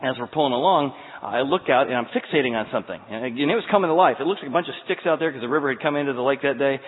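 A man preaching a sermon, telling a story with lively voices and acted-out scenes. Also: mid-range voice, racing, long reverb tail, phone-quality sound. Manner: animated storyteller acting out scenes. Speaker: pastor.

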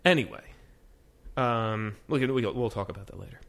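A man co-hosting a casual tech podcast, talking fast and rambling with lots of restarts. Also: lowish voice, fairly bright tone. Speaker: podcast co-host. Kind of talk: casual tech news chat.

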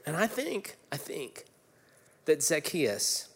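A man in his forties delivers a heartfelt sermon with a somewhat high voice. He talks candidly and emotionally, full of fillers and restarts. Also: big pitch swings, slow pace, breathy edge. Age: 40s. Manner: emotional, personal storytelling with frequent fillers. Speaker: pastor.

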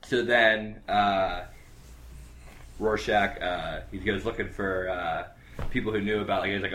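Deep-voiced man rambling casually. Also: fairly even intonation, a little slow, fairly bright tone, slight background noise. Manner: rambling, filler-heavy, acts out characters' lines. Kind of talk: casual chat recapping a graphic novel.

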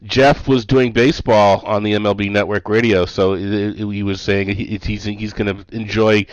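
A man with a lowish voice talks casually as a guest analyst, relaxed and often restarting his sentences. His voice comes through dry and a little dull, like a remote line. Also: normal speed, dry recording. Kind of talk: casual interview.

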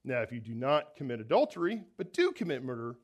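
A man's voice: mid-range voice, wildly swooping pitch, quick pace, slightly rough. A man preaching an expository sermon, explaining scripture step by step in an earnest, emphatic way. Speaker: pastor.

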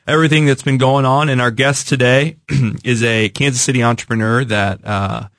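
A man hosting a business talk show in a studio, introducing guests with halting speech full of fillers and repeated words. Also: mid-range voice, steady tone, fairly bright tone, dry recording. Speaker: show host. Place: radio studio.

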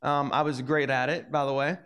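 A young adult man giving a casual, animated sermon, telling the story in a lively way and acting out its characters. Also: mid-range voice, a little fast, clear, resonant tone. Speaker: preacher.

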